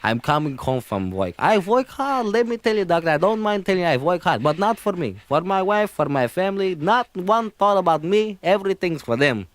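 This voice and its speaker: A man's voice: high-pitched, big pitch swings, brisk, hardly any pauses, dry recording. A man playing a fretful immigrant father with a Yiddish-inflected accent in a comedy album sketch, rambling and pleading. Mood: exasperated. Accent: Yiddish-inflected English.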